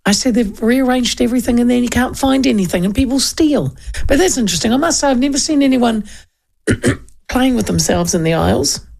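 A middle-aged woman with a New Zealand accent hosting talkback radio, chatting casually and telling animated stories between listener texts. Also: fairly high pitch, a little fast, gravelly.

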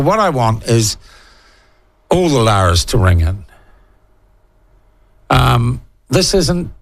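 A man with a New Zealand accent hosting a talk radio show, speaking bluntly and sarcastically, swearing casually and reading out listener messages. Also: medium pitch. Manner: reads listener messages aloud. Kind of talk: opinionated talk radio monologue.

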